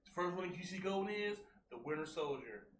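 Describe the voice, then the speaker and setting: An excitable man with a bright, forceful voice, recapping a movie and repeating his lines as he jumps in over his co-host. He sounds like he's in an echoey room, with a faint hum behind him. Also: sits high, moderate pace. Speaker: podcast co-host. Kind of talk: casual movie recap chat.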